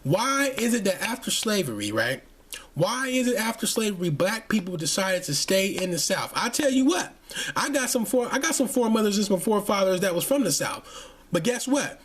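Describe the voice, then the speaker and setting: A man with a high, husky voice delivering angry ranting commentary. He talks heatedly and profanely, often stumbling through repeated restarts. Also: very animated, moderate pace, fairly bright tone. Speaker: channel host.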